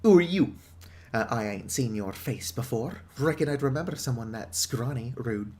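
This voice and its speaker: Man playing a gruff old British miner, dismissive, put-on accent, faint hum behind. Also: medium pitch, expressive, normal speed, a little mellow, lightly acted. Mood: grumpy. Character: rough old male miner, grumpy.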